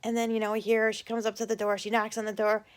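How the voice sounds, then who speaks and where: A woman's voice: mid-range voice, quick pace, smooth. A middle-aged woman casually telling a childhood story on her vlog, swearing freely and acting out the quoted voices. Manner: animated, swearing, acts out voices in quoted lines. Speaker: vlogger.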